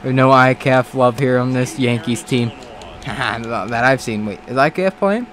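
Man, gaming commentary, excitable, swears, talks to the screen, mid-pitched voice. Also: normal speed. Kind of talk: casual let's-play commentary.

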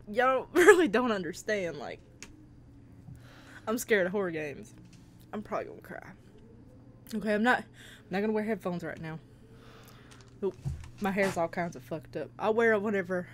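A woman's voice: medium pitch, expressive, normal speed, long pauses, a little hiss or hum. A young woman playing a horror game on her channel, talking casually, jittery and frightened, laughing nervously between lines. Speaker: let's play gamer.

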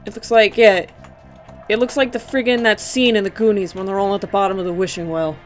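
A woman's voice: medium pitch, steady tone, fairly quick, faint music behind. A woman hosting a game playthrough, reading the dialogue aloud and dropping casual, musing asides. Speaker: let's play host. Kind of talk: gameplay commentary while reading dialogue aloud.

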